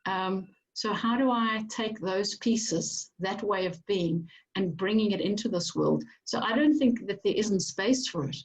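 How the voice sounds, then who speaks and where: A woman's voice: mid-range voice, measured pace, hardly any pauses. A woman author with a South African accent, talking thoughtfully about her book over a video call. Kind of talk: reflective conversation. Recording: distant dull video-call audio.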